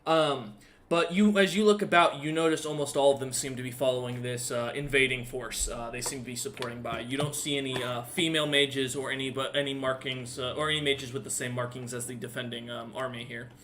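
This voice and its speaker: A man's voice: mid-range voice, fairly even intonation, a little fast, a crowd in the background. A man narrating as dungeon master in a tabletop game, rambling with lots of ums and uhs.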